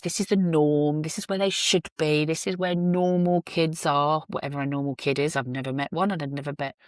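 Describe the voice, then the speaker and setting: A woman with a deep voice hosts her own podcast, recorded on a phone in a parked car, in an earnest, musing solo monologue full of self-deprecating asides. The recording is dry and studio quality.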